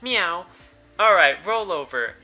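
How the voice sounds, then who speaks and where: A man's voice: high-pitched, lively intonation, takes it slowly, bright, forceful tone, faint music behind, heavily acted. A man reading a brusque teenage girl in a visual novel as she bosses her cats around in a curt, scolding way.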